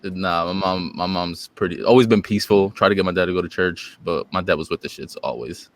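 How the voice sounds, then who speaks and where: A young man co-hosting a podcast, telling stories in a joking, animated way. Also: sits low, a little fast. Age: young adult. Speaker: co-host. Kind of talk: casual chat.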